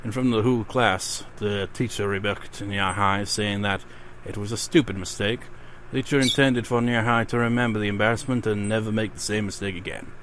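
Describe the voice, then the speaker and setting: A man's voice: on the low side, steady tone, fairly quick, hardly any pauses, a bit bright, a little hiss or hum. A man playing a horror game, reading its ghost stories aloud between casual commentary. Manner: reads in-game ghost stories aloud, then rants with swearing and laughs. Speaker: let's play gamer.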